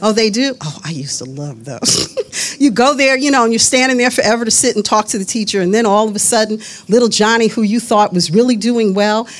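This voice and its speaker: A woman's voice: on the high side, fairly even intonation, fast. A middle-aged woman preaching a sermon in a conversational way, with quoted asides and laughter.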